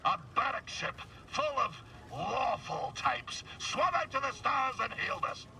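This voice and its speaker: An actor playing a grizzled alien space pirate in a video game, spinning a theatrical yarn in a gruff seafaring drawl. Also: male voice, very high-pitched, sing-song, unhurried, sharp tone, heavily acted. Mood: storytelling. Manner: theatrical storyteller, relishes gory boasts. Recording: distant game audio with faint hiss.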